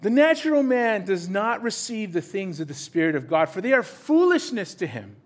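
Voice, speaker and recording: A male pastor preaches in a high, lively voice that climbs and drops sharply. He is animated, slipping into quick acted-out conversations as he goes. He sounds middle-aged. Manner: animated, acts out dialogue with voices. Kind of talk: sermon.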